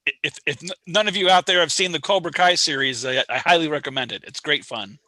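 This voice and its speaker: A man's voice: a little high, fast talker, pushed and bright, dry recording. A man hosting an online astronomy viewing session, chatting casually and rambling with a self-deprecating sense of humor. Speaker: astronomy outreach host. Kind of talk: casual livestream chat. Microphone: online call mic.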